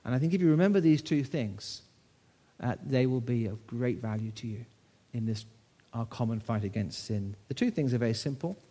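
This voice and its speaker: A man's voice: medium pitch, animated, moderate pace, mellow. Older British man preaching a sermon. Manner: storytelling, conversational, asks the congregation rhetorical questions.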